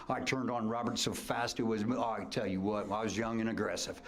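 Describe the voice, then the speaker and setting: Older Midwestern man, coach, lowish voice; animated podium storyteller, whispers then bursts. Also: a little fast, gravelly, hardly any pauses. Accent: Midwestern American. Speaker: coach and hall of fame inductee. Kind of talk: acceptance speech storytelling. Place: banquet hall at a ceremony.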